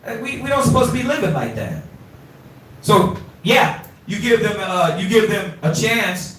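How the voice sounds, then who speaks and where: A man teaching an informal scripture class, animated and streetwise, quizzing his students, recorded from afar in an echoey room. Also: high-pitched, normal speed, recorded from a distance.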